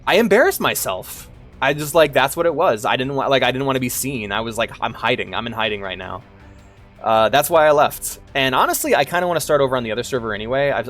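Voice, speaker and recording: A man's voice: mid-range voice, fairly bright tone. A man streaming a game, chatting casually in a rambling, sheepish way and swearing often. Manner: rambling, sheepish, swears a lot, many restarts. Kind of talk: casual stream chat while gaming.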